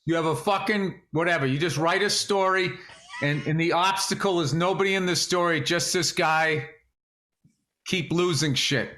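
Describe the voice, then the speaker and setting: A man's voice: a little high, normal speed, pushed and bright, roomy sound. A man co-hosting a podcast, chatting casually and profanely, joking and ribbing his co-host. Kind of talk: casual comedic chat.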